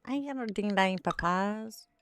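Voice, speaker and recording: A woman's voice: mid-range voice, moderate pace, fairly bright tone, slight background noise. A woman chatting casually to her viewers while she plays a video game, tired and nursing a headache. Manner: chatty, talks to chat and to herself while playing. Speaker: let's play streamer. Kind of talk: casual gameplay commentary.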